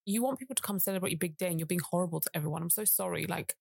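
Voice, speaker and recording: Woman with a gravelly low voice. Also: racing, no echo, studio quality. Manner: animated storyteller, emphatic, frequent asides. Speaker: podcast co-host. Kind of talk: casual late-night chat.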